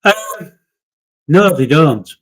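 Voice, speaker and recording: A man's voice: fairly high pitch, big pitch swings, very slow, fairly bright tone, poor audio. An older man with a Yorkshire accent, co-hosting a live stream in blunt, grumbling casual chat. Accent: Yorkshire English. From Yorkshire, England. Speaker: livestream co-host.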